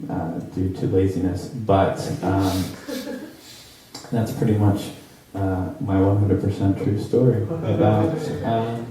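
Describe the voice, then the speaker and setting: A young man telling a comedic true story at an improv show, rambling with lots of fillers and jumping into high squeaky voices for the people in it. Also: steady tone, takes it slowly, noisy background. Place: theater stage. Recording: roomy, distant live stage recording.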